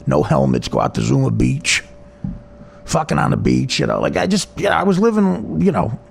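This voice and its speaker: A man's voice: medium pitch, huge pitch swings, normal speed, vocal fry, a little hiss or hum. A man with a New Jersey accent, a comedian telling a personal story in a rambling, profane, self-mocking way.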